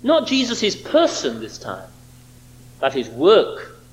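Lively high-voiced male preacher. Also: slow pace, poor audio. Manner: emphatic, with rhetorical questions. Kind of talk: sermon.

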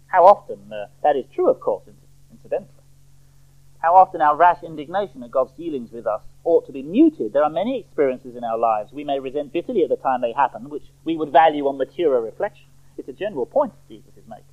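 Male preacher, animated high voice, emphatic sermon delivery, lo-fi phone-quality recording. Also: fast talker. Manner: emphatic, rhetorical questions. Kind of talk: expository sermon.

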